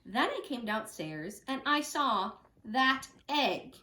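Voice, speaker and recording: A woman teacher reads a children's picture book aloud at home, stopping for chatty asides about the pictures. Her voice is fairly high and swings lively up and down. The room around her is noticeably echoey. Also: slow pace.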